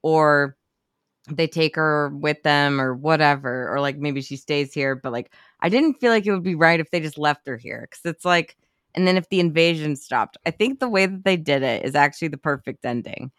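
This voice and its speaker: Animated, foul-mouthed podcast host. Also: mid-range voice, moderate pace, no echo, clean studio sound. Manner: animated, swears freely, acts out reactions. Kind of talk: casual movie chat.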